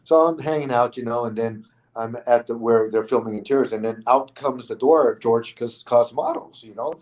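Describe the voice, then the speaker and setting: Middle-aged man telling a lively anecdote. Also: medium pitch, moderate pace, dull audio. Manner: animated, often acting out other people's lines. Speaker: interview guest, stuntman. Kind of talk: casual anecdotal storytelling.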